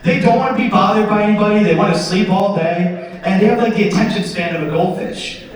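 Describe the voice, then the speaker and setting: A man's voice: sits high, fairly quick, a little hiss or hum. A young man doing stand-up comedy on a theatre stage, rambling with self-deprecating asides. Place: theatre stage before a live audience. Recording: distant echoey theatre with crowd.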